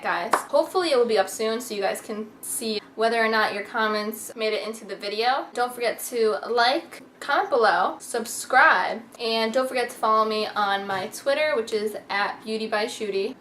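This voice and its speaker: A chatty young woman talks straight to her camera, voice sitting a touch high and giggling as she goes. She fills her sentences with "like". The room rings around her, with a faint hiss underneath. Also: fairly bright tone, reverberant. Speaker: beauty vlogger. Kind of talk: casual vlog to camera.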